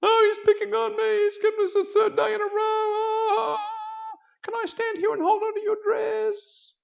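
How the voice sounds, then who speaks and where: Man doing a high, whiny little schoolboy, pleading, slightly muffled recording. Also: monotone, normal speed, creaky, exaggerated voice. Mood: whining. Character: small crying schoolboy pleading with his mother.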